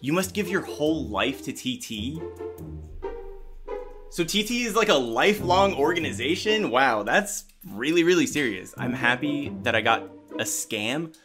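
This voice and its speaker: A man giving excited, animated commentary while playing a video game, often exclaiming and reading chat aloud. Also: on the high side, measured pace. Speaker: gaming YouTuber. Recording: music playing under the voice.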